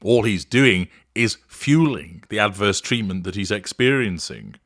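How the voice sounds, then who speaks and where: A man hosting his show, giving measured, clinical commentary that analyses a recorded argument. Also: fairly low pitch, a bit bright, no room sound, clean studio sound.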